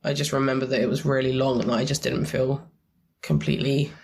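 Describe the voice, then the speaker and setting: A woman with a hoarse, croaky voice, chatting casually and rambling as a podcast co-host. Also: a bass voice, little pitch movement, brisk, darkish tone, slight background noise. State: hoarse, croaky after a late night. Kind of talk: casual chat.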